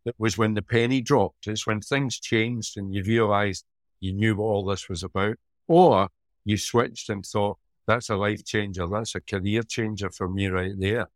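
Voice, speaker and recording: A middle-aged Scottish man, a former police officer co-hosting a podcast, chatting and telling stories in a lively, joking way. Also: fairly low pitch, normal speed, no room sound. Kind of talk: casual chat and storytelling.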